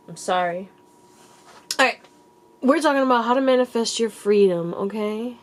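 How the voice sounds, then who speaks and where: A woman's voice: mid-range voice, a little mellow, slight background noise. A woman giving a casual pick-a-card tarot reading to her viewers. She talks in a loose, rambling way, full of likes and restarts, and calls the viewers baby and you guys. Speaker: tarot reader and channel host.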